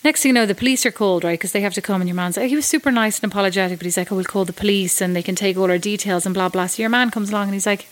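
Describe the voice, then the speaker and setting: A woman's voice: medium pitch, rapid-fire, few pauses. Chatty Irish woman telling stories. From Ireland. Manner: wry, chatty storyteller. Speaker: podcast co-host. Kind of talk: casual chat.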